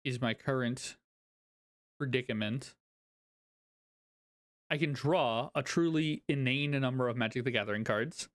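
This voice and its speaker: A man casually narrating his own card game play, thinking aloud, counting out loud and laughing often. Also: mid-range voice, measured pace, pauses often. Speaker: card game content creator. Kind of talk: casual gameplay commentary.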